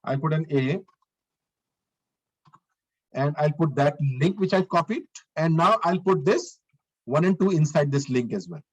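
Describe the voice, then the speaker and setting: A male instructor leads a live online lesson, walking through markup step by step. His voice sits a little high. He restarts his phrases often and checks in with the class as he goes. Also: lively intonation, a little slow, long pauses, breathy edge, highs cut off. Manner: talks through steps while working, repeats phrases, asks the class questions. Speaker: lecturer. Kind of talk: live online coding lecture.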